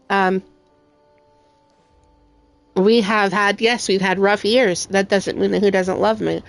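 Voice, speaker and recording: A woman's voice: mid-range voice, fairly even intonation, moderate pace. A young adult woman streaming a game, talking in a heartfelt, emotional and rambling way with many fillers. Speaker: gaming streamer. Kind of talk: casual chat while playing. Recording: faint music in background.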